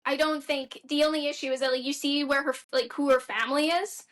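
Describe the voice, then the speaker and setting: High bright-voiced blunt young woman. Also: flat delivery, fast talker. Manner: blunt, profane storyteller. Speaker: podcast guest. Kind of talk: casual podcast chat.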